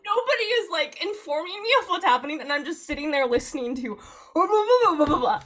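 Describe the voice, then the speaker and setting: A young woman telling a long personal story in casual chat, animated, laughing often and filling her speech with "like". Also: very high-pitched, quick pace. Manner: animated, laughing, frequent "like" fillers.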